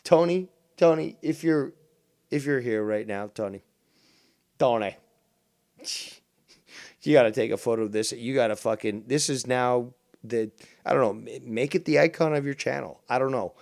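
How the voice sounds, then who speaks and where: A man's voice: mid-range voice, moderate pace, vocal fry, darkish tone, no room sound, studio quality. A man hosting a casual livestream, ranting profanely in mock panic over a video he is playing. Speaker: stream host.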